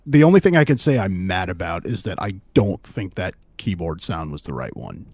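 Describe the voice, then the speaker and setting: Lively opinionated man in a music chat. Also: low-pitched, normal speed, slightly rough, no room sound. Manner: opinionated, animated. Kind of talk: casual music review chat.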